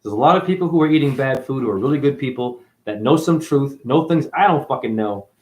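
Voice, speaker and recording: A man talking straight to his live chat in a rambling spiritual rant. His voice sits at a middle pitch, but it leaps up into loud bursts and drops to low mutters, with plenty of swearing. It sounds like a home webcam or phone mic. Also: expressive, fast talker. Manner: profane, swings between loud high outbursts and low mutters. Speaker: livestreamer.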